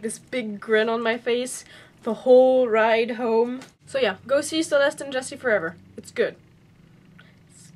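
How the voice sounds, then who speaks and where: A woman's voice: a little high, a little hiss or hum. A young woman chatting casually to her vlog camera, telling a story in a bubbly, chatty way. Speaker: vlogger.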